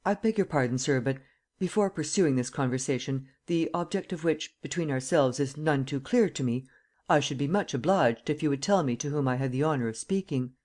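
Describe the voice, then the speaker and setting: Guy reading a proud gentleman thief in jail, formal, coolly mocking. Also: on the high side, brisk, close to an everyday voice. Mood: coolly ironic. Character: proud, ironic male master thief in prison.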